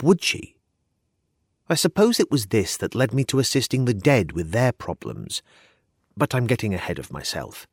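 A man narrating a first-person ghost story in a calm, measured, slightly unsettling way. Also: lowish voice, breathy edge, no echo, studio quality.

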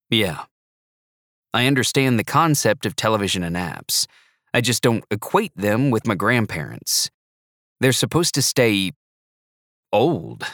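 A man narrating a first-person audiobook in a wry, measured way. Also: fairly low pitch, sing-song, fairly bright tone, dry recording, studio quality.

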